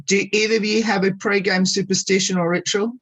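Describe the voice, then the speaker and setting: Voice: medium pitch, flat delivery, a little fast, a bit bright. Radio host reading out questions over a video call, friendly. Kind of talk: interview questions.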